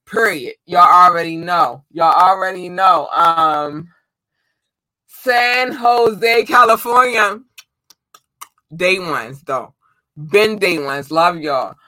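An excitable man speaks in a high, bright voice, full of warm, gushing energy. He talks slowly and often trips over unfamiliar names. The sound is close and dry, with no room around it. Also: no room sound, poor audio. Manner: excited, effusive, stumbles over place names. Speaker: host shouting out listeners. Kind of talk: casual chat.

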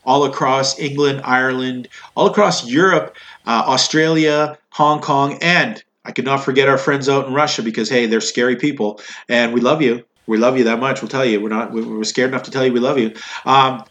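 A man's voice: mid-range voice, fairly quick. A man hosting a wrestling podcast, chatting casually and ranting with jokes. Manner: animated, ranting, joking. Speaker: podcast host.

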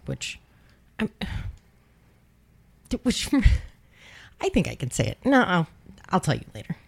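A woman's voice: fairly low pitch, very animated, slow, gravelly, breathy edge. A woman co-hosting a podcast, telling a true-crime story in casual chat, wry and profane. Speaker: podcast co-host; emergency dispatch worker.

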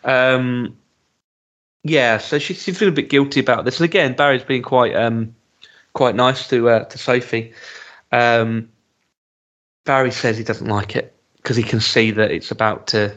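A man talking casually as co-host of a podcast. He hesitates often with ums and restarts, then grows animated and jokey. His voice sits at an ordinary middle pitch. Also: measured pace, dull audio. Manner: chatty, hesitant with many ums, animated when joking. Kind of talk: casual chat reviewing a TV episode.

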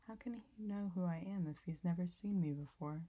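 A woman voicing a timid, wondering young boy prince in a storybook reading, a little higher than her narration. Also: brisk, warm tone, muffled recording, close to an everyday voice.

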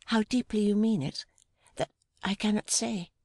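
A woman reading the part of a gentle, timid young woman, speaking softly and hesitantly with deep affection. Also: normal speed, no room sound, clean studio sound, close to an everyday voice. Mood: tender. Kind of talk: audiobook dialogue reading.

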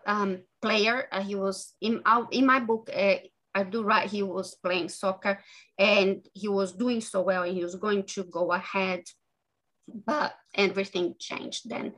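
An earnest woman speaks as an author in an interview. She talks in a halting way, often restarting her sentences. Her voice sounds bright and forceful. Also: mid-range voice, steady tone, rough recording. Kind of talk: interview guest.

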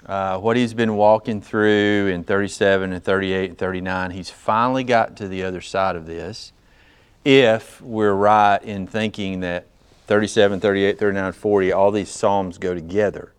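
Man preaching with a smooth, resonant voice. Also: low voice, steady tone. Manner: slows down to stress scripture, plain teaching tone. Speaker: pastor. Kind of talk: sermon.

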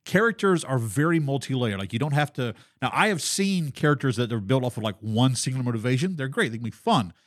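A man hosting a casual tabletop gaming podcast, telling lively stories with quick restarts and asides. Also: mid-range voice, dry recording, clean studio sound. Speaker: podcast host.

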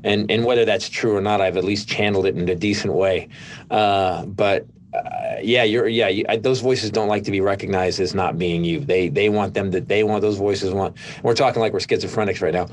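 A man's voice: fairly low pitch, a little fast, a little hiss or hum. A middle-aged male comedian telling stories in casual conversation, rambling with lots of restarts. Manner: rambling storytelling with many restarts. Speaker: comedian, guest.

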